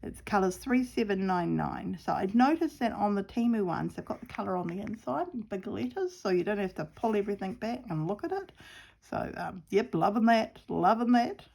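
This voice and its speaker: Her voice is medium-pitched, gravelly and darkish, and she speaks a little fast and animatedly. This middle-aged sewing vlogger with a New Zealand accent keeps up casual, rambling crafting chat while sewing outdoors at home, poking fun at herself and at times murmuring.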